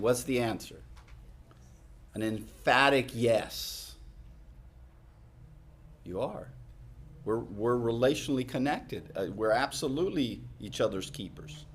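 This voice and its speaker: A middle-aged man preaching a sermon in a conversational way, repeating key lines for emphasis and dropping to quiet asides. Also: mid-range voice. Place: church hall.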